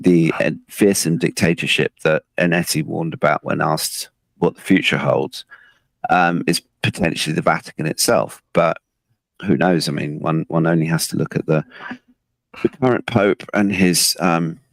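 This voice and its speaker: Low gravelly man, hesitant. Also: steady tone, moderate pace, dry recording. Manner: hesitant, many ums and restarts. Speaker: co-host presenting research. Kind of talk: casual podcast chat.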